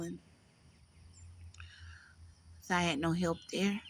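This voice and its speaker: Woman, gravelly, halting personal storytelling, emotional, pauses often. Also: on the low side, flat delivery, a little hiss or hum. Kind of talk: personal life story told to camera.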